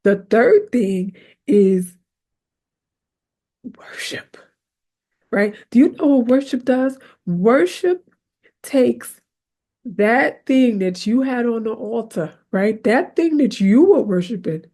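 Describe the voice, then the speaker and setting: A woman's voice: fairly high pitch, takes it slowly. A woman hosting a faith podcast, talking casually and animatedly, often checking in with "right?" and laughing easily. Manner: conversational, keeps asking "right?"; animated, acts out her own prayers aloud. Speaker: podcast host. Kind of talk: faith-based motivational talk.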